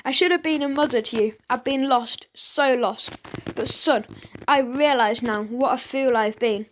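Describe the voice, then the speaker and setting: A woman's voice: on the high side, measured pace, a little hiss or hum, close to an everyday voice. A woman voicing a remorseful mother in an audiobook, speaking through tears. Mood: tearful. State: crying. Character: remorseful mother, tearful and broken.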